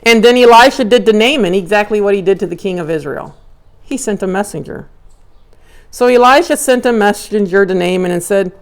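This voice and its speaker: A woman giving a conversational Bible lecture, animated and acting out characters' inner dialogue. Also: mid-range voice, fairly quick. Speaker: Bible teacher.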